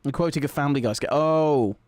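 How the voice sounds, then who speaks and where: Young streamer, fairly high voice, giggly and rambling, dry close mic. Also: male voice, fast talker, darkish tone, no room sound. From Britain. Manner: giggly, rambling, reacting to chat. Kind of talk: casual live-stream chat.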